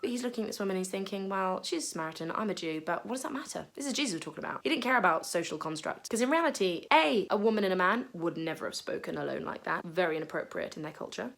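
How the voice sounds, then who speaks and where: A woman's voice: on the low side, lively intonation, very fast, vocal fry, few pauses, a bit bright. A woman and youth leader retelling a Bible story in a chatty, comic way, with gasps and playful asides.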